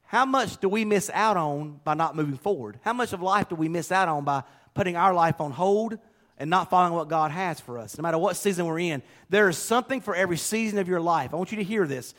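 A man preaching a sermon, folksy and conversational, building to loud exhortation. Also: high-pitched.

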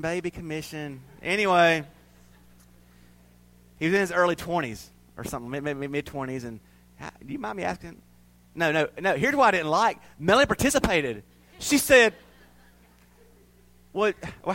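A male preacher with a fairly high voice, preaching in a folksy, storytelling way. He laughs at his own examples and talks straight to the congregation. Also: a bit bright. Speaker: pastor. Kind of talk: sermon.

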